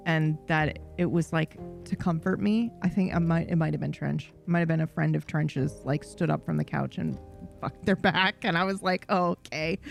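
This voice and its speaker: A woman's voice: on the low side, creaky, a little mellow. A woman livestreamer in casual chat, rambling and swearing freely with a self-deprecating streak.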